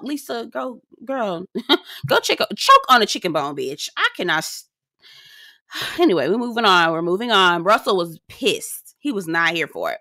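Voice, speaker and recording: A woman's voice: on the low side, sing-song, pushed and bright, no room sound, clean studio sound. A woman hosting a casual reality TV recap, sassy and dramatic, swearing freely and mimicking the cast. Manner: sassy, dramatic, profane, quick mimicry of others.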